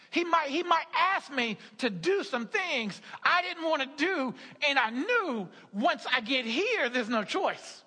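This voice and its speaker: High-voiced preacher in a reverberant hall. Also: male voice, bright, forceful tone. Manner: repetitive, stammering restarts, laughing asides. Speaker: pastor. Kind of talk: sermon.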